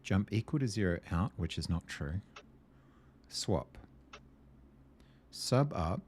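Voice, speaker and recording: Working through a puzzle game in his gameplay video, the host mumbles his thoughts aloud, hesitant yet quick to get excited. He speaks slowly in a low voice, with a little hiss or hum in the audio.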